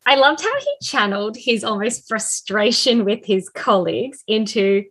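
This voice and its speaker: A woman's voice: a little high, sing-song, moderate pace, fairly bright tone, husky. A woman co-hosting a podcast, talking enthusiastically in casual chat and laughing often. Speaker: podcast co-host.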